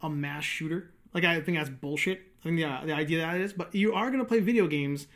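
A young man co-hosting a casual podcast chat, opinionated and animated, swearing freely. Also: fairly high pitch, fast talker. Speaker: podcast co-host.

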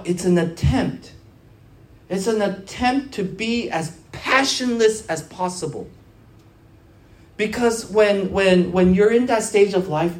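A pastor delivers a conversational sermon in a medium-pitched voice within an echoey room. He tells stories animatedly, swinging from quiet to loud, often repeating and restarting phrases.

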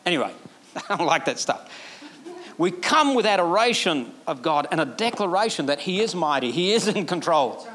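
A man. He is animated and lifts his voice sharply when he acts out quoted prayers. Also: a little high, moderate pace, a little hiss or hum. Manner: animated preaching, acting out quoted prayers in a raised voice. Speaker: pastor. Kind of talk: sermon.

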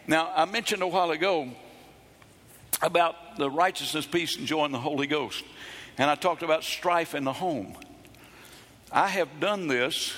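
Middle-aged male preacher, bright ringing voice, emphatic and repetitive, church sermon. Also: a little high, big-room sound. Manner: emphatic preaching, repeats phrases, bursts into shouts. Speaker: pastor.

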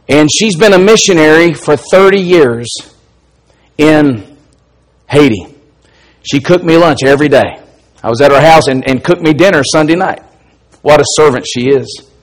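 A man's voice: on the high side, rough recording. A man with an Alabama accent preaching a sermon as pastor, telling stories with strong emphasis.

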